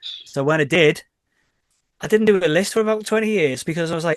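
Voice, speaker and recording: A man's voice: on the high side, brisk, dry recording. A middle-aged man from Liverpool with a Scouse accent, chatting as a guest in a casual interview, rambling and correcting himself as he tells stories. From Liverpool, England. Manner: rambling and self-correcting, often repeats words; lively storyteller who acts out quoted exchanges. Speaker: DJ and label owner, podcast guest.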